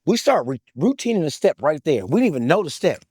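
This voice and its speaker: A man in his thirties telling his story in an interview, excitable and hyped, full of "like, like" fillers, street slang and swearing. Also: on the high side, quick pace, husky, no echo, clean studio sound.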